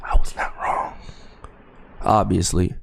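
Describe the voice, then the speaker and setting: Speaking to his chat, a young streamer wanders through a story laced with swearing, stopping and restarting as he goes; he alternates between a low murmur and a loud, high pitch.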